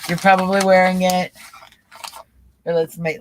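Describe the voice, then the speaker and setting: A man's voice: sits high, flat delivery, moderate pace, pauses often, background noise. A man hosting a live political talk stream, mocking and acting out scenes as he talks.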